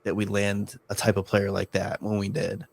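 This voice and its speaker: Gravelly low-voiced man chatting hockey. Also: monotone, darkish tone. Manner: halting, many restarts and fillers. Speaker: podcast co-host. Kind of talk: casual sports chat.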